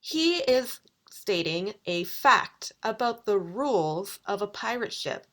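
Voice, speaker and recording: A woman lecturer in a recorded video lesson walks through grammar examples at an unhurried, careful pace. Her pitch sits in an ordinary middle range. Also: lively intonation, a bit bright. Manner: slow, deliberate explanations with quoted examples. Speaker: university lecturer.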